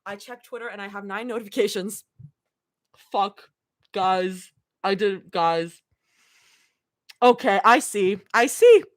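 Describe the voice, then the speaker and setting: A young woman streaming a live fan fiction reading, shrieking, laughing and talking over herself in excitement. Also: mid-range voice, slow, long pauses, no echo, clean studio sound.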